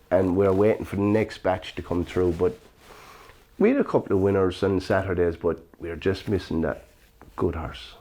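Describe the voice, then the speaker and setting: A man, a former jockey recalling his racing days in a relaxed interview, full of "you know" and "sure, look". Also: lowish voice. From Ireland. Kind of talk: casual reminiscing interview.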